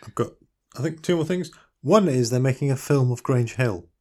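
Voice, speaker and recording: Laid-back podcast co-host. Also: male voice, medium pitch, animated, normal speed, warm tone. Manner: laid-back, short dry replies. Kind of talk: casual film-news chat.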